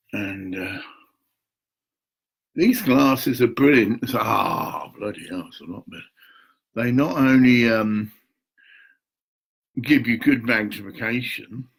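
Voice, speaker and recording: Gravelly, husky older man. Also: fairly low pitch, rough recording. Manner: chatty, mutters to himself, swears. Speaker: vlogger. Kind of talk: rambling to-camera monologue.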